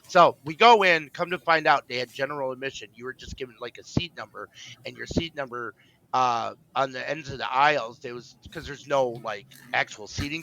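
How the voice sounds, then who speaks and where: On a poor-quality recording, a man with a medium-pitched, bright, forceful voice co-hosts a podcast. He tells a rambling story in casual chat, packed with fillers and restarts, and acts out the voices of the people he quotes.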